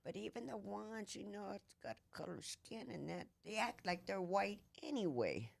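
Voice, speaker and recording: A woman's voice: mid-range voice, expressive, normal speed, gravelly, no echo, studio quality. A woman co-hosting a casual live stream, mostly giving short, conversational agreeing replies.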